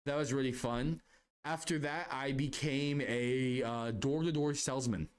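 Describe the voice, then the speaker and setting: A young man hosting a podcast, telling job anecdotes in a rambling, animated way with lots of restarts. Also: mid-range voice, a little slow, clear, resonant tone. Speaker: podcast host. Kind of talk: casual storytelling monologue.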